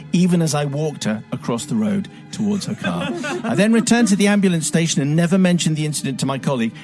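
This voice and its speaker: Wry male radio host reading a letter. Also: medium pitch. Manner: wry storytelling with dramatic pauses. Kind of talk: reading a listener's letter aloud.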